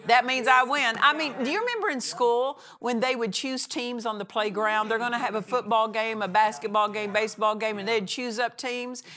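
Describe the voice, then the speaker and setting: A woman teaching from the Bible, emphatic, repeating phrases for stress and reading scripture slowly. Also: fairly high pitch, pushed and bright. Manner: reads scripture slowly and deliberately.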